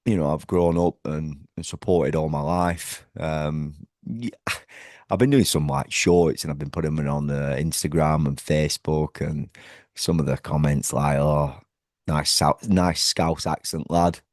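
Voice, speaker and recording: A man's voice: extremely low pitch, steady tone, measured pace, a little mellow, no echo, clean studio sound. A man from northwest England, hosting a casual football fan vlog from home, talking passionately and rambling with lots of fillers and restarts. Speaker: football fan channel host. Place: at home indoors.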